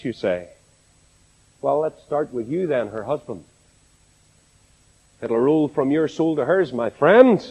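A man's voice: high-pitched, darkish tone, lo-fi sound. A man with a Northern Irish accent preaching a sermon to a congregation, speaking expressively and asking rhetorical questions in an echoey hall. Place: large assembly hall.

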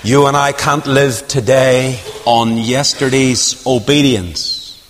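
A man preaching a sermon, telling a story with sudden high swoops of emphasis and hushed low asides. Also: fairly even intonation, slow, a little hiss or hum. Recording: long hall reverb.

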